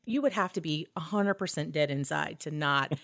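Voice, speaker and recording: Low-voiced, excitable woman podcast host. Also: moderate pace, creaky, no room sound, clean studio sound. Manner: enthusiastic, profane, acts out characters' lines. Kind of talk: casual film discussion.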